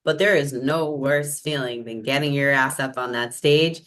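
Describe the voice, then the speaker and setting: A woman co-hosting a podcast, speaking frankly in a measured, agreeing way. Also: extremely low pitch, steady tone, fairly bright tone. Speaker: podcast co-host. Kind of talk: candid podcast chat.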